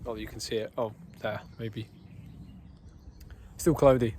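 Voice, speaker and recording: A man's voice: fairly low pitch, fairly even intonation, a little slow, a little mellow, a little hiss or hum, rough recording. A man chatting casually to a handheld camera outdoors during a long bike ride, rambling with plenty of fillers. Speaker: cyclist vlogger.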